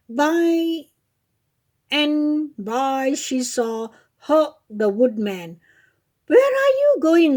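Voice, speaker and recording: High-voiced woman reading a fairy tale. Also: darkish tone. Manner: reads with small slips and self-corrections. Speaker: storyteller.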